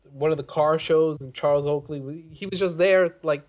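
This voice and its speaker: Brief: male co-host, slightly high voice, laughs and cusses while telling stories. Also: steady tone, moderate pace. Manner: laughs through stories, swears. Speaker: podcast co-host. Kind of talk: casual chat.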